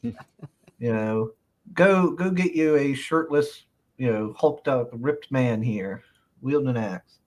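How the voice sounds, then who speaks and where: A man's voice: medium pitch, expressive, takes it slowly, darkish tone. A man hosting a casual live chat show, reading viewer comments with playful mock indignation and frequent laughter. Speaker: host.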